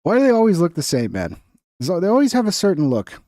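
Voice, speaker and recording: A man's voice: high-pitched, huge pitch swings, fast talker, dark tone, no echo, clean studio sound. A man hosting a casual reaction stream, talking in a crude, rambling, profane way.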